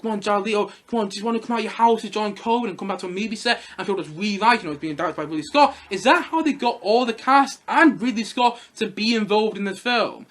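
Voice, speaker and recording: A man's voice: sits high, fairly bright tone. Chatty man reviewing films. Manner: chatty, repeats himself, mocks in put-on voices. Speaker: film reviewer. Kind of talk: casual spoken review.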